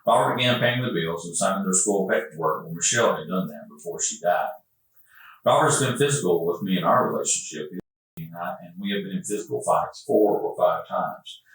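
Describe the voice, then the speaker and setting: Deep-voiced man reading in an echoey room. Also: animated, moderate pace, fairly bright tone. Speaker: police investigator. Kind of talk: reading a witness statement aloud. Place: interrogation room. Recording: echoey room picked up from far off.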